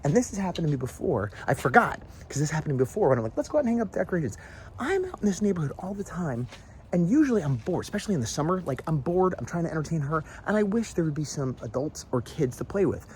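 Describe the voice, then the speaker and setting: Rambling, animated man venting outdoors. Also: on the high side, quick pace, slight background noise. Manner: rambling, animated storytelling with mimicked voices. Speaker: vlogger. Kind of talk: casual venting vlog. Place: outdoors in front of a house at dusk.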